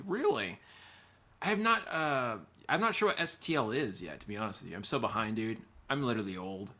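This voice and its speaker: A man's voice: lowish voice, animated, a little fast, bright, forceful tone. A man, a guitar teacher, chatting casually on a livestream and reading viewer comments, rambling and laughing easily.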